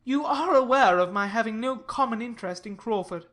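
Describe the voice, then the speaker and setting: A woman reads the part of a sober, earnest young gentleman in a classic audiobook. He speaks in a measured, persuasive way, his voice pitched a little high. It is plain storybook reading rather than a put-on character voice. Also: lightly acted.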